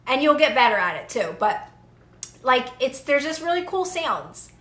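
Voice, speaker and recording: A woman's voice: sits high, sing-song, normal speed, bright, forceful tone, reverberant. A young woman giving casual, earnest manifestation advice to viewers on a live stream, repeating phrases for emphasis.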